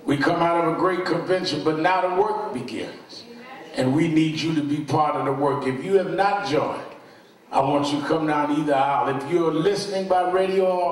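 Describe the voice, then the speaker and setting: A man leading a movement's Saturday rally, speaking to the room in a slow, drawn-out preaching cadence and urging people to join. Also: a little high, far from the mic. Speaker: leader of a civil rights organization. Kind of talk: rally speech and call to sing. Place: large hall or sanctuary with live music. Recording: roomy hall with loud music, voice heard from off mic.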